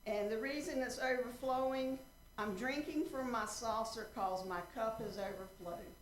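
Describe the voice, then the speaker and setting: A woman in her seventies from North Carolina, giving a folksy, earnest public comment at a council meeting with slow, emphatic appeals. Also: on the high side, slight background noise. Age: 70s. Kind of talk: prepared public comment with a joke. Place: council chamber. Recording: roomy council chamber.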